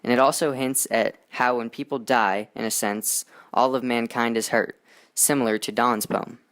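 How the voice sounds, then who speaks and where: A teenage boy reading part of a school poetry report in a plain, even way. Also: mid-range voice, moderate pace. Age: teens. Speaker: student presenter.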